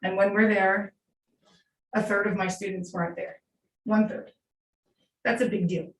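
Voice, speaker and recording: A woman's voice: mid-range voice, little pitch movement, a little slow. Brief: woman in her 40s, veteran teacher, heartfelt unscripted public comment, roomy hall sound, mic set back. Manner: earnest, heartfelt, unscripted storytelling. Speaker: middle school teacher giving public comment. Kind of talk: public comment at a school board meeting. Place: large meeting room. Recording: echoey room, distant mic, faint hiss.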